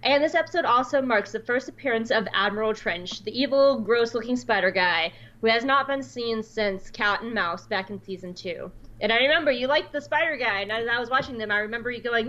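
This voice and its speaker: A woman from the American South hosting a casual podcast chat, talking in an animated way and acting out quoted dialogue. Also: fairly high pitch, fairly quick, hardly any pauses, muffled recording. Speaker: podcast host.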